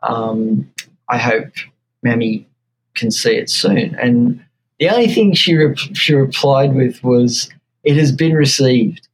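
A man with an Australian accent, a guitar maker being interviewed, telling an animated story and acting out the quotes. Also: medium pitch, takes it slowly, slight background noise, rough recording. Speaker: guest luthier.

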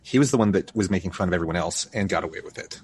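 Husky low-voiced man, wry and relaxed. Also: racing. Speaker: podcast co-host. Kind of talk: casual chat.

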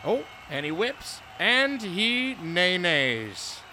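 A man's voice: high voice, big pitch swings, very slow, background noise, exaggerated voice. Man doing a giggly sports announcer. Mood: excited. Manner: breathless running commentary, laughing. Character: excitable male sports play-by-play announcer. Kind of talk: comedic mock sports commentary.

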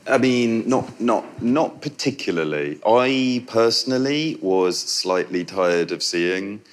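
A very low-pitched man with a Yorkshire accent talks casually about his film at an audience Q&A. He laughs often and trips over restarts as he speaks. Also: lively intonation, slow. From Yorkshire, England. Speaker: film director at a Q&A. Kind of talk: casual conversational answers.

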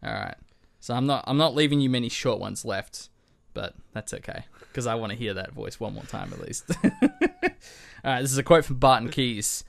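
A man's voice: mid-range voice, moderate pace, gravelly. A man co-hosting a film podcast in casual, chatty talk, laughing often. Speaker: podcast co-host. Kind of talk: casual chat.

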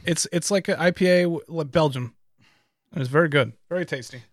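Chill guy rambling on a podcast, slightly high voice, dry close sound. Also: a little fast, dry recording. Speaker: podcast co-host. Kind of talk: casual chat.

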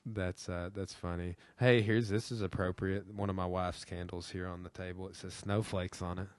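A man's voice: deep voice, flat delivery, moderate pace, dry recording. A young man hosting a podcast, talking in a rambling way with lots of fillers and swearing. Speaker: podcast host. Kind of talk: casual chat.

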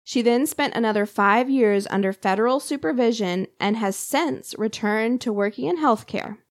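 A woman's voice: a little high, normal speed, no echo, clean studio sound. A woman hosting a podcast, recounting a true crime story in a casual, chatty way with frequent fillers. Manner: conversational, lots of "like" and fillers.

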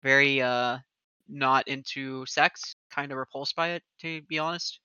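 Bright, crisp-voiced man on a dull mic. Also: medium pitch, fairly even intonation, a little slow, dry recording. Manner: rambling, with many fillers. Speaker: podcast regular and streamer. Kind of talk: casual chat.

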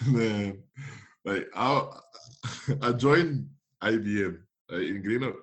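A man's voice: fairly low pitch, slow pace. A young man, a former footballer telling stories in a casual chat, acting out dialogue and laughing often. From France. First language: French. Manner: animated storytelling, acts out dialogue, laughs often.

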